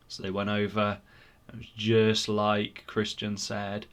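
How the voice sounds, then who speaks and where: A man retelling a story for children at church, animated and expressive. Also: lowish voice, slow, clear, resonant tone.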